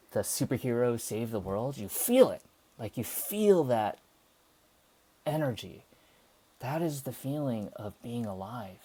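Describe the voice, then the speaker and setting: A man's voice: mid-range voice, mellow. A man hosting a livestream, talking casually and passionately to his chat, rambling and swearing. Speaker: livestream host.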